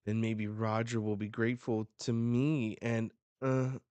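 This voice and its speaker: A man's voice: fairly low pitch, little pitch movement, measured pace, dark tone, clean tone, no echo, lightly acted. A man voicing a hopeful, lovestruck female pirate whose lines trail off shyly while he reads a comic aloud.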